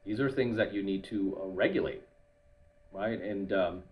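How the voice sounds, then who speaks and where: A man's voice: deep voice, moderate pace, muffled recording. A man hosting his channel, giving other men advice in a casual monologue and tagging nearly every point with "right?".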